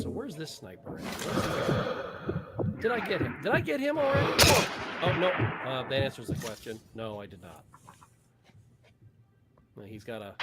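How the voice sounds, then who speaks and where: A man hosting a livestream and giving casual gameplay commentary, excitable and joking, swearing at the game now and then. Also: mid-range voice, very noisy. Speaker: livestream gamer host.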